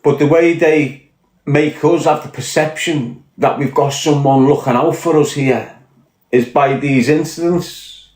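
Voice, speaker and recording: A man's voice: a little high, fairly even intonation, unhurried, darkish tone. Profane Scouse man ranting, roomy sound. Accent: Liverpool Scouse. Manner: blunt, profane, emphatic. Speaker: podcast guest. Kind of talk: podcast rant. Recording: echoey room.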